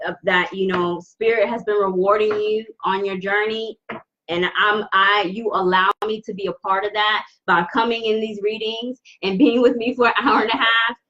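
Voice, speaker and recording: A woman giving a live tarot reading, talking slowly with many restarts as she holds back tears. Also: medium pitch, fairly even intonation, muffled recording. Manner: warm, emotional, halting with many restarts. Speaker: tarot reader. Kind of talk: live-stream card reading.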